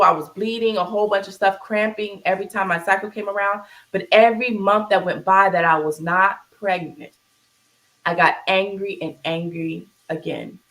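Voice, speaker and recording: A woman's voice: medium pitch, a bit bright, poor audio. A woman speaks earnestly and openly about something painful, her voice close to tears. She talks with restarts and fillers while she cooks, heard over a video call. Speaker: podcast co-host. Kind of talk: emotional personal talk.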